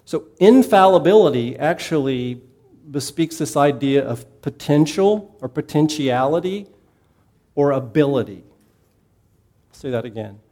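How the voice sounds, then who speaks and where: Mellow-voiced man teaching a Bible class. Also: on the high side, expressive, a little slow. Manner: conversational, asks the class questions, repeats key points.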